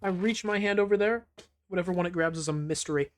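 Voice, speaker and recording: A gaming streamer playing through a game and reading its lines aloud, with wry, deadpan asides. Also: medium pitch, fast talker. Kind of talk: let's-play commentary and reading dialogue aloud. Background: faint game music.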